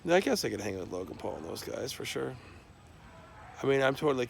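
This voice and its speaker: A man in a middle-pitched voice with a rough, gravelly fry wanders from thought to thought without a script, swearing constantly. His talk is an unscripted monologue, loose and meandering. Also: very animated, fast talker, a little hiss or hum. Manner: rambling, profane stream of talk.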